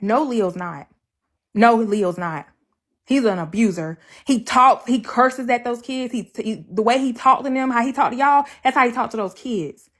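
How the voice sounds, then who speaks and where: This woman's pitch is fairly high and her tone a bit bright. Chatting casually on her livestream about her side of a breakup, she curses freely, speaks bluntly and keeps repeating herself for emphasis.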